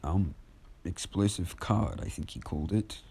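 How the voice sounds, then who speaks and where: All Might, a man doing a halting older hero. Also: low-pitched, gravelly, darkish tone, slightly rough, full character voice. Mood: explaining. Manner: halting, filler-laden explanation.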